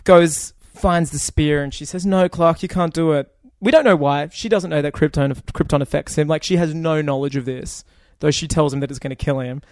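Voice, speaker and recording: Animated sarcastic man, fairly high voice. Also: brisk, few pauses, no room sound, studio quality. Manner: animated, sarcastic, swears freely. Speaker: podcast co-host. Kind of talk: casual movie review chat.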